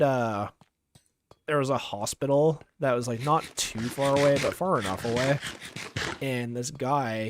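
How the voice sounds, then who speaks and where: A man's voice: medium pitch, slight background noise. A young man streaming a game, casually telling rambling stories full of fillers. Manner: rambling, filler-heavy, chuckling. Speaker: gaming streamer. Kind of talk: casual storytelling while gaming.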